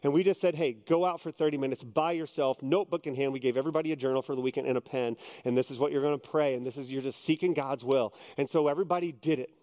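A middle-aged man preaching a sermon as pastor, earnest and animated, moving between quiet reflection and emphatic exhortation. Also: mid-range voice, quick pace, few pauses.

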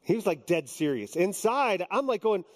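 Man, fifties, pastor preaching, joking conversational delivery, higher voice, echoing hall. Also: very animated, normal speed. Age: 50s. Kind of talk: sermon.

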